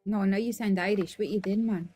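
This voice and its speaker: A woman's voice: medium pitch, fairly even intonation, a little fast, a little mellow, soft background music. A woman with a Scottish accent on a livestream panel, brash and mocking, swearing freely. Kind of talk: casual livestream banter.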